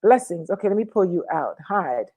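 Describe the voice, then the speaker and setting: A woman co-hosting a casual livestream chat, lively and chatty, calling out viewers by name. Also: on the low side, fairly quick. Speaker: co-host.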